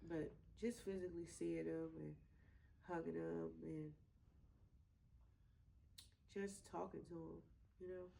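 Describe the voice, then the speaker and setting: Woman, interviewee: gravelly voice with vocal fry, loose and chatty, often laughing. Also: sits low, fairly even intonation, slow, long pauses, dark tone, poor audio. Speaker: interviewee remembering her late twin brother. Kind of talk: casual interview.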